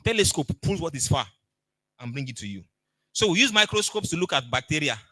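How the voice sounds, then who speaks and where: A man's voice: a little high, sing-song, fairly quick, bright, forceful tone, no echo. A middle-aged man with a Nigerian accent, giving a motivational coaching talk and acting out the people in his stories. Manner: storytelling, emphatic, acts out dialogue.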